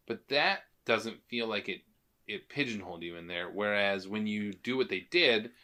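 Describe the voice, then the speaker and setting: Wry bright-voiced podcast man. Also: lowish voice. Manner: laid-back, wry, quick agreeing interjections. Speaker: podcast co-host. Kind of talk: casual chat about movies.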